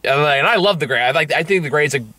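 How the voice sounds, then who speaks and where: Male host, bright timbre; loose, profane, laughing movie-review banter. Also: on the high side, lively intonation, very fast, no echo. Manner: laughs often, swears, rambling asides. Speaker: podcast host. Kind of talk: casual movie review chat.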